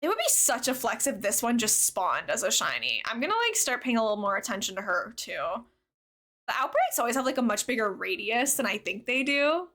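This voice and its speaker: A woman's voice: fairly high pitch, sing-song, fairly quick, bright, forceful tone. A young woman streaming a game, chatting bubbly and giggly with her viewers and reading chat aloud. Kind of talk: casual livestream chat with viewers.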